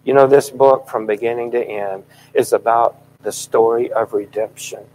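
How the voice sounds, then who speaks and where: A middle-aged man preaching a sermon in a fervent, emphatic style, his voice swelling loud at key points. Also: mid-range voice, fairly even intonation, normal speed, slight background noise, rough recording.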